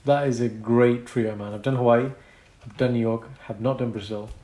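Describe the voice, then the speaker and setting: Animated British man in an echoey room. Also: medium pitch, normal speed. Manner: animated, laughs often, acts out quotes. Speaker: podcast co-host, doctor. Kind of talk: casual chat.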